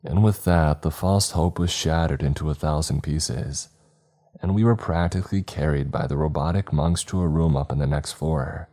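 Very deep-voiced man narrating horror. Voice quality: very deep, dark voice. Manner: slow, measured, grave delivery.

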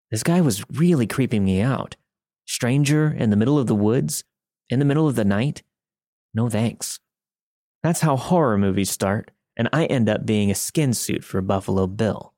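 A man's voice: medium pitch, moderate pace, darkish tone, dry recording, clean studio sound. A man narrating a first-person story in a wry, conversational way.

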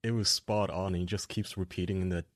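A man co-hosting a podcast, speaking in a groggy, deadpan way and making sarcastic remarks. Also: low voice, fairly quick. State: groggy after a nap. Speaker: podcast co-host. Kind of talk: casual group chat.

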